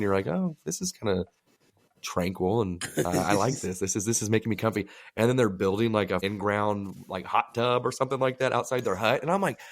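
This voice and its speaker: A man co-hosting a casual podcast, telling crude, animated stories and acting out the people in them. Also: fairly low pitch, fairly quick. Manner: animated storytelling with acted-out quotes; crude joking. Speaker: podcast co-host. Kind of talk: casual chat.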